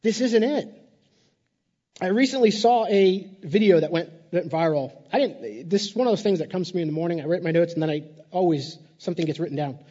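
A man's voice: sits high, fairly quick, dark tone, in a large hall, highs cut off. A man preaching a sermon in a conversational way, repeating words and adding playful asides. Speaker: pastor.

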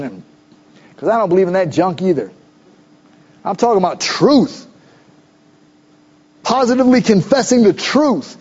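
Pastor, male, middle-aged; high mellow voice, chatty animated sermon, dull lo-fi recording. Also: slightly rough. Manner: conversational, animated preaching with asides.

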